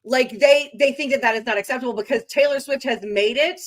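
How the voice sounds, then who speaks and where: A woman's voice: high-pitched, fairly quick. A young adult woman in a casual chat, emphatic and chatty with many fillers. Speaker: podcast co-host.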